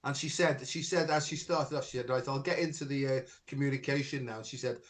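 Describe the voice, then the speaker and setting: Speaking quickly in a steady, medium-pitched voice, a middle-aged man who hosts a podcast and works as a spiritual healer tells a long, meandering story. The talk-show chat is casual and loose, peppered with "you know" and "right."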